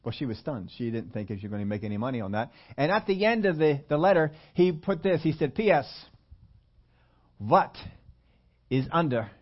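Speaking quickly with barely a pause, a slightly high-voiced man delivers a sermon built around a story, chatty in tone. He keeps asking his audience questions and restarting lines, all captured on a dull, lo-fi recording.

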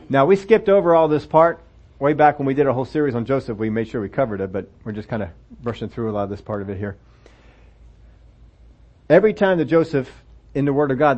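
A man's voice: mid-range voice, darkish tone. A man preaching a sermon and reading from the Bible in a conversational way, asking his listeners rhetorical questions. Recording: dull lo-fi recording.

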